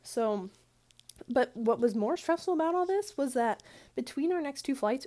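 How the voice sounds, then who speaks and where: A young woman chats through a long personal story, piling on fillers and side remarks as she goes. Her voice sits a little high for a woman, and she talks close to the mic in an easy, unscripted way. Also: animated, normal speed, dark tone. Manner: rambling, chatty, lots of "like" fillers. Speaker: vlogger. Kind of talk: casual storytelling.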